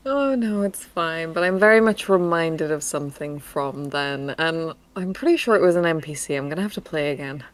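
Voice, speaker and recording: 少し低めの声の女性共同ホスト. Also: female voice, low voice, lively intonation, normal speed, hardly any pauses. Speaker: co-host. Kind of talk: casual live stream chat.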